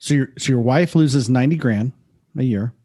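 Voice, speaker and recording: A man's voice: mid-range voice, moderate pace, mellow. A man hosting a podcast, talking in a reflective, affirming way. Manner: affirming, reflective, often says "beautiful". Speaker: podcast host. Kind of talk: conversational podcast interview.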